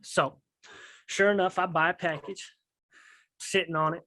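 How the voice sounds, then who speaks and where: A man's voice: sits high, steady tone, unhurried, sharp tone. A man telling a rambling story in casual street slang, often checking in with his listener. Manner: rambling street slang, keeps asking "you know what I mean". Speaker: guest recounting prison life.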